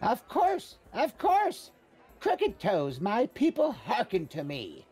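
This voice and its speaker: A man's voice: huge pitch swings, slow pace, darkish tone, husky, soft background music, exaggerated voice. A man voicing a goblin chief who proclaims grandly to his tribe. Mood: proclaiming. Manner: high-pitched proclaiming. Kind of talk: tabletop role-play.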